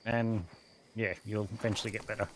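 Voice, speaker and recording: A man's voice: on the low side, level tone, brisk, a little hiss or hum. A man with an Australian accent, chatting casually in a live roleplay and chuckling often. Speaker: roleplay player.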